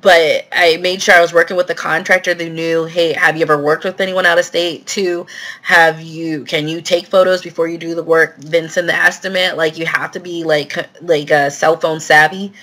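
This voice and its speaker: A woman's voice: low voice, level tone, moderate pace, pushed and bright. A woman hosting a live question-and-answer stream, talking casually with lots of fillers as she answers viewer questions. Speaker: real estate investing host.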